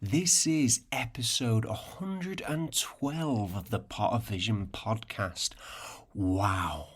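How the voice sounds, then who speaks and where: A man's voice: on the low side, husky. A man co-hosting a podcast, chatting casually in a jokey, playful way. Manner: jokey, playful, quick to laugh. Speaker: podcast co-host. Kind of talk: casual comedic chat.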